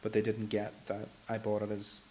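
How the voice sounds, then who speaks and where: A man, a podcast guest, talking in a relaxed, reflective, casual way. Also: on the low side, moderate pace. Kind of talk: casual chat. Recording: faint hiss.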